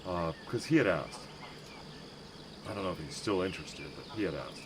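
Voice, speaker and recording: Over a noisy background, a low-voiced American streamer talks at normal speed with lively intonation. He hosts a casual game livestream, rambling, cutting himself off, and sprinkling in fillers as he playfully butchers German words.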